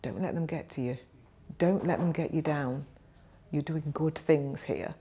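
A woman voices a frail old miner, gentle and kind. He speaks in a soft, laboured whisper, short of breath. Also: low-pitched, unhurried, slight background noise. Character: gentle, dying older male miner, breathless.

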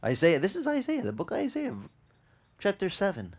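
Animated pastor preaching a casual sermon. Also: male voice, high-pitched, brisk. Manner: animated, asks the congregation questions; repeats words as he restarts. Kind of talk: conversational sermon.

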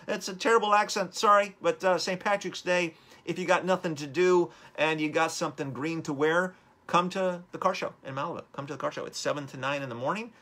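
A man's voice: on the high side, brisk, fairly bright tone. A man hosting a live-streamed motivational talk, upbeat and rambling as he urges viewers on. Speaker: host.

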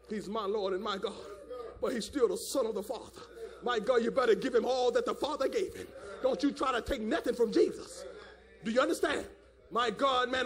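A man preaching a fiery sermon at a church service, hollering and repeating "my God, man". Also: extremely high pitch. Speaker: elder preaching.

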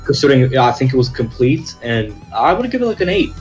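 A man's voice: mid-range voice, fast talker, rough recording. Gamer guy cursing and reacting, casual chat, faint music behind. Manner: swearing, restless, excitable reactions.

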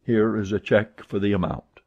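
An unflappable, precise English gentleman, as a male reader puts him on, speaking in a lowish husky voice with steady composure. The recording sounds dull and lo-fi. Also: lightly acted. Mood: calm. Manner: calm, measured, unflappable.

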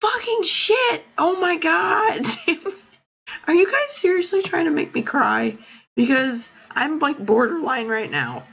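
A woman's voice: sits high, big pitch swings, slow, vocal fry, fairly bright tone, lo-fi sound. A woman live streamer, tearful and crying, talking to her viewers in breathless exclamations broken by laughter.

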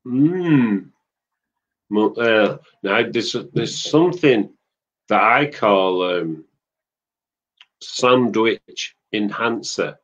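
A man's voice: on the low side, animated, drawn-out words, long pauses, fairly bright tone, lo-fi sound. A middle-aged man from Manchester, a soap actor guest, chatting casually and rambling through anecdotes with a chuckle. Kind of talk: casual chat on a web show.

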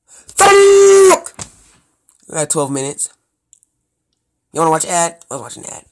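A man's voice: on the high side, fairly even intonation, a little fast, a little hiss or hum. A young man reading a story game aloud, breaking off into joking, rambling asides. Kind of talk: let's play commentary.

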